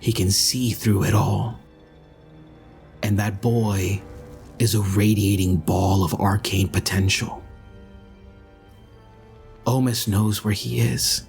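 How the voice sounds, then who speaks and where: A man voicing an ancient looming archfey, speaking low, slow and menacing. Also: vocal fry, a little mellow.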